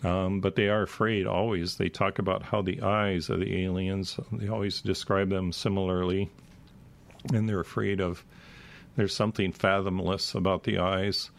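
Male host, deep gravelly voice, hesitant chatty delivery, dry strained throat. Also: level tone. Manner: rambling, halting with many fillers. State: dry, failing voice. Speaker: show host. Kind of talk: casual talk on alien abduction accounts.

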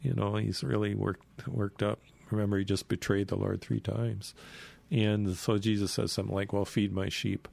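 A man's voice: on the low side, steady tone, moderate pace, gravelly, a little mellow. A man retelling a Bible story informally, conversational and full of "you know" asides.

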